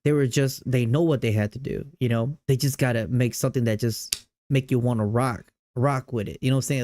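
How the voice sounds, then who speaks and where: A man's voice: medium pitch, fairly even intonation, brisk, darkish tone, dry recording, studio quality. Hyped young man chatting with stream chat. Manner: hyped, slangy, repeats himself. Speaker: streamer reacting to game music. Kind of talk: casual reaction stream chat.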